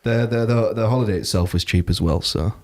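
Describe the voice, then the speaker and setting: Very deep-voiced man. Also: fairly quick, a little mellow. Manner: rambling, laughs often. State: recovering from a cough. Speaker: podcast co-host. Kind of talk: casual chat.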